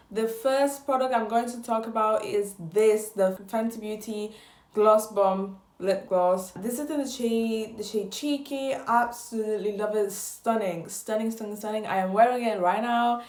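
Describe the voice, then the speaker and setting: A woman's voice: mid-range voice, a little slow, darkish tone, reverberant. A woman vlogging casual beauty product reviews in a gushing way, repeating her words for emphasis.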